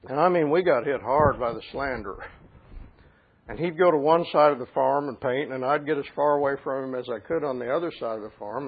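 A man preaching a sermon as a pastor, shifting between quiet storytelling and loud, emphatic passages. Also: medium pitch, slightly rough. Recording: tinny phone-like sound.

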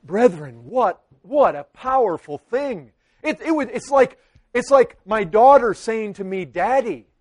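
Slow, high-voiced man preaching earnestly. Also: expressive, darkish tone, dry recording. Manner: earnest preaching with dramatic pauses and quoted pleas. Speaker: pastor. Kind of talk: sermon.

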